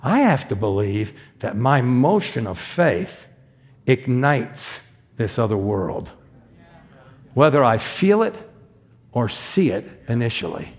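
A middle-aged man preaching as a guest minister, telling a story with emphatic, animated delivery and acted sound effects. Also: mid-range voice, slow. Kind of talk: storytelling sermon.

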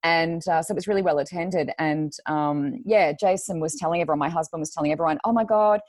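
Woman, podcast co-host, lower register, close dry sound, animated storyteller. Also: fast, dry recording. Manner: animated storyteller who acts out quotes. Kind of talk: casual podcast chat.

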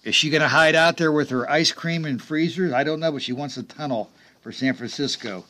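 A middle-aged man hosting talk radio, his voice sitting a little higher than most men's. He talks in an emphatic, sarcastic way, tossing out mocking asides as he goes through the news. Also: fairly quick, pushed and bright, slight background noise. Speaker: radio talk show host. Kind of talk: political talk radio commentary.

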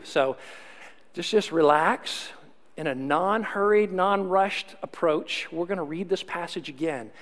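A man preaching a sermon as pastor, earnest, slowing and dropping to a near whisper when he reads scripture. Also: high voice, in a large hall.

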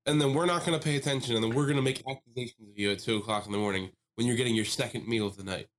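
A young man in casual podcast chat, telling stories with lots of energy. He swears freely, and his voice climbs high when he acts out the people he quotes. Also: very fast. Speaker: podcast co-host.

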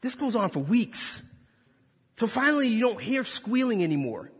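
A male pastor preaching a sermon, full of animated storytelling and acted-out voices. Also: very high voice, normal speed, breathy edge. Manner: animated, jokey, acts out voices. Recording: long reverb of a large hall.

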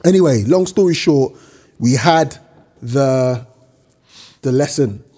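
Husky slangy man. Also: mid-range voice, slow pace. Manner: animated storyteller, slangy, swears freely. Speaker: podcast co-host. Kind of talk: casual chat.

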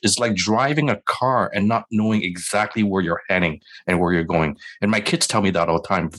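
A physician in his forties tells a self-deprecating story in a relaxed podcast interview. His voice sits very low. He slips into the voices of the people he quotes as he goes. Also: brisk, hardly any pauses. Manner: candid, self-deprecating, acts out quoted dialogue.

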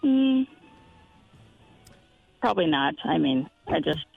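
Breathy woman on a phone line. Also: low voice, big pitch swings, slow, no room sound, soft background music. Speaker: caller.

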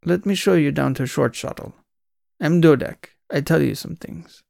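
A man's voice: on the high side, normal speed, vocal fry, no echo, clean studio sound, voice pushed up. Man doing a nervous Eastern European station guide. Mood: eager. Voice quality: broken English, urgent hushed warnings.

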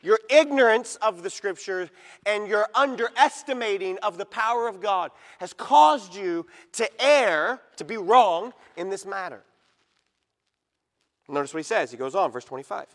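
A middle-aged male pastor preaching a sermon in a church, emphatic and rising to loud peaks as he reads scripture. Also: high-pitched, lively intonation, measured pace, long reverb tail. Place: church sanctuary.

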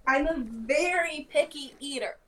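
A woman's voice: high-pitched, a little slow, fairly bright tone. A young woman co-hosting a casual podcast with friends, rambling and giggly in a goofy way. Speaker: podcast co-host. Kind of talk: casual chat among friends.

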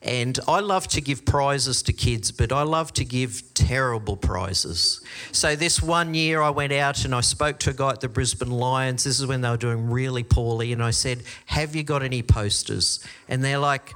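A man's voice: medium pitch, moderate pace. Australian man preaching a sermon. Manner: storytelling, animated quoted voices. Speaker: pastor.

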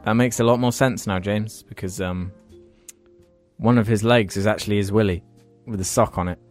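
A man's voice: fairly low pitch, steady tone, moderate pace, a little mellow, faint music behind. A man co-hosting a podcast in crude casual banter, laughing often and teasing. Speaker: podcast co-host.

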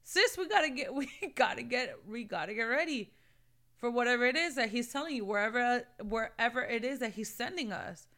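A woman's voice: fairly high pitch, expressive, brisk, sharp tone. A woman giving casual, earnest faith and self-care encouragement to viewers, calling them "sis" and "babe" and mixing in Spanish phrases. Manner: earnest, encouraging, laughs between points. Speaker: Christian lifestyle vlogger. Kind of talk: casual motivational talk to camera.

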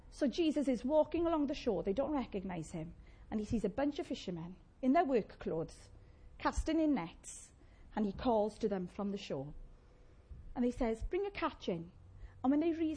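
Woman, preacher, sermon, breathy voice, a bit high, lively asides. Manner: animated, conversational, playful asides to the congregation.

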